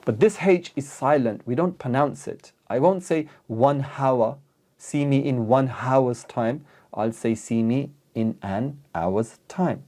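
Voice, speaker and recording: A man's voice: medium pitch, unhurried, few pauses, mellow. A man teaching an online English grammar lesson, patiently repeating each example aloud.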